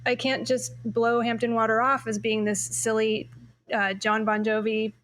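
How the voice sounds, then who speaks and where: A woman hosts a casual podcast panel, her voice sitting a little high. She talks with eager enthusiasm, sharing stories in a relaxed conversational flow. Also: measured pace. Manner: enthusiastic, storytelling. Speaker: podcast host.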